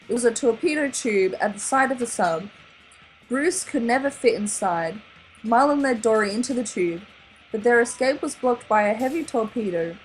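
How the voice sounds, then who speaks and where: An Australian woman narrating a children's novel, animated and easygoing about her stumbles. Her voice sits somewhat high, with faint music under it. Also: normal speed, low-quality recording. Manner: animated, laughs at her own slips. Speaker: reader. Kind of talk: storybook read-aloud.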